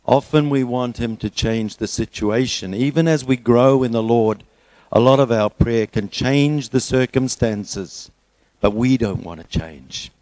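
A middle-aged man preaching a sermon, telling a joke story in a relaxed way before turning earnest. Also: medium pitch, unhurried, no echo, low-quality recording.

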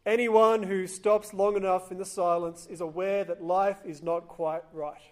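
A man with a fairly high voice preaching in a relaxed, conversational way. He tells a scripture story and slips into the voices of its people as he goes. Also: measured pace. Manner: acts out quoted voices, conversational. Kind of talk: sermon storytelling.

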